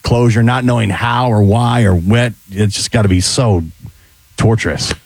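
A man co-hosting a morning radio show, chatting in a relaxed, casual way. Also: fairly low pitch, normal speed, slightly rough, dry recording. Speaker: radio co-host.

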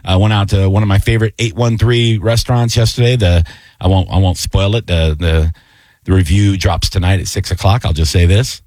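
A man's voice: brisk, no room sound. A man hosting a radio after-show, chatting loosely in the studio. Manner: loose and chatty, breaks into excited high-pitched impressions. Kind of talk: casual studio banter.

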